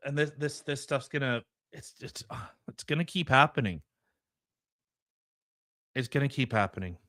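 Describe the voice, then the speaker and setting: Heated, bright-voiced podcast host man. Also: mid-range voice, expressive, moderate pace, no room sound, studio quality. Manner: indignant, heated, stammering restarts. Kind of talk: opinionated commentary.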